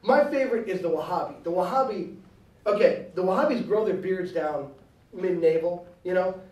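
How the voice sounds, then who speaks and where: Blunt high-voiced man in echoey hall. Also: moderate pace, darkish tone, far from the mic. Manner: blunt, joking, slangy and combative. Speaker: guest speaker. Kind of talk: animated campus speech. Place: university lecture hall.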